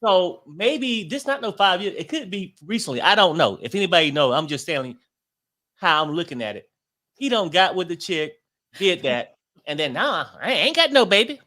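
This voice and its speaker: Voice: mid-range voice, lively intonation, moderate pace, sharp tone. A co-host in a casual gossip chat, blunt and slangy, cracking crude jokes.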